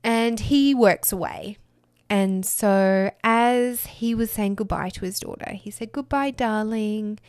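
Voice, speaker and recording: A woman in her thirties telling a personal story in an earnest, reflective way, laughing softly between thoughts. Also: mid-range voice, takes it slowly, clean tone, no room sound, studio quality. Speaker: podcast host.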